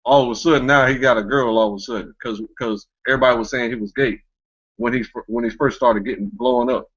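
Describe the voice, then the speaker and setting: A man's voice: mid-range voice, expressive, fast talker, fairly bright tone, muffled recording. A man hosting a casual online talk show, rambling and filling with a stock phrase. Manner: rambling, fills with "you know what I'm saying".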